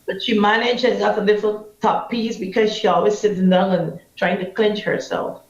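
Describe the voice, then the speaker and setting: A woman with a Guyanese accent recounts her experiences with fierce, vivid passion, slipping into the voices of the people she quotes. Her voice has a gravelly, creaky texture. The recording sounds roomy and a little muffled. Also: mid-range voice, fairly even intonation, normal speed. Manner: impassioned, vivid storyteller acting out quotes. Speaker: anti-trafficking activist. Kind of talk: emotional personal storytelling interview.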